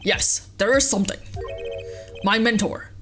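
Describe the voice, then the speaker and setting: A woman voicing a calm, aloof older male stage magician who speaks in a formal, measured, mysterious way. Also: medium pitch, soft background music, close to an everyday voice.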